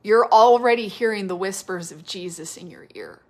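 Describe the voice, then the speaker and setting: Gentle woman giving halting prophetic words. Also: mid-range voice. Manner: gentle, halting, full of "like" and "you know", repeats phrases. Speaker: prophetic minister. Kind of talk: spontaneous prophetic ministry on a live stream. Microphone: live-stream device mic.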